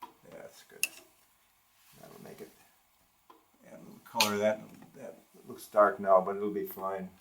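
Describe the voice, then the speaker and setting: An older man talks through a watercolor demonstration in a studio, musing aloud as he works. His voice sits low with a gravelly edge. He trails off mid-thought and picks the sentence up again. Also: level tone, a little slow, pauses often, noisy background. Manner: thinking aloud while painting, trailing off and restarting. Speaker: art instructor. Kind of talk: live painting demonstration. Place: art studio with a live model.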